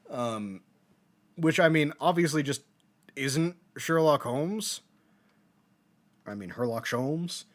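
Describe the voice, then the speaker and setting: Male streamer, casual game commentary, musing aloud, lively higher voice. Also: measured pace. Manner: musing aloud, self-questioning.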